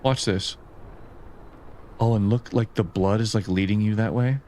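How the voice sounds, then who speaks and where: A man hosting a casual gaming live stream, chatty and excitable, laughing often and reading chat messages aloud. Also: fairly low pitch, a little slow, slight background noise. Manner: swears casually, lots of "like".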